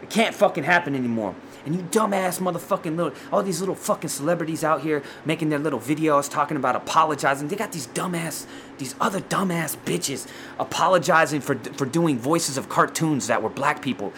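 A man's voice: on the high side, a little fast, a bit bright, a little hiss or hum. A man hosting a podcast, ranting in heated, profane bursts with stumbling repetitions. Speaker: podcast host.

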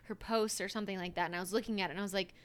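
A woman co-hosting a podcast in casual chat, animated and emphatic, swearing freely. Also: mid-range voice, racing. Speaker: podcast co-host.

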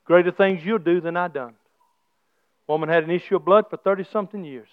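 A middle-aged man preaching a sermon as pastor, his delivery swinging from soft low talk to shouted praise, with folksy church grammar. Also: fairly quick, clean tone, no echo. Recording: slightly dull lo-fi sound.

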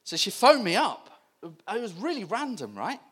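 A man with a British accent preaching a sermon, impassioned, swinging between near-shouts and hushed whispers. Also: sits high, huge pitch swings, moderate pace, breathy edge.

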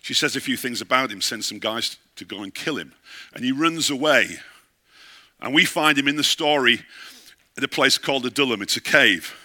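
A man's voice: mid-range voice, lively intonation, moderate pace, bright, forceful tone. A middle-aged man, a pastor, preaching a sermon and telling a story, often asking his listeners questions.

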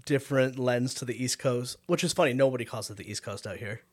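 A man's voice: medium pitch, fast talker, darkish tone. A man co-hosting a podcast, chatting casually and animatedly, with frequent restarts and trailing thoughts. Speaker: podcast co-host. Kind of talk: casual chat.

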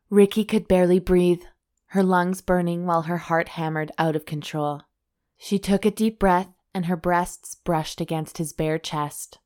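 A woman with a slightly low voice reads romance passages aloud to a friend. Her delivery is steady and dry, with a teasing edge. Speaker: podcast co-host reading a romance novel aloud. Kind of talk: casual chat and dramatic reading.

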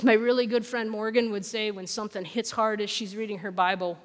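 A woman pastor preaching a sermon, telling the story in an animated way and acting out the questions and quotes. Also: mid-range voice, a little fast, few pauses, big-room sound. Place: church sanctuary.

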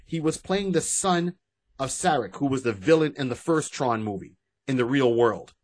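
A man's voice: mid-range voice, animated, moderate pace, darkish tone. A man co-hosting a podcast, chatting casually and rambling with restarts and asides. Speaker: podcast co-host. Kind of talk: casual chat.

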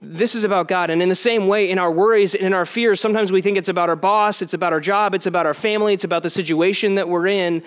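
A man's voice: high-pitched, steady tone, fast talker, few pauses, fairly bright tone, clear, resonant tone. A man preaching a sermon in a plain, conversational way, with relatable asides to the congregation. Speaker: pastor.

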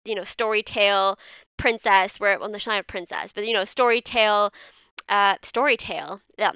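A woman's voice: medium pitch, normal speed, sharp tone, smooth, no echo, highs cut off. A young woman co-hosting a storytelling podcast, chatting in a bubbly way. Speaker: podcast co-host. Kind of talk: casual chat.

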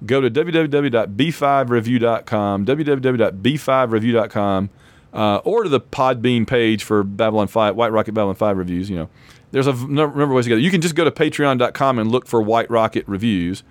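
A hoarse man co-hosting a podcast in casual chat, rambling and laughing often. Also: mid-range voice, a little fast, no room sound. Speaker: podcast co-host; lecturer.

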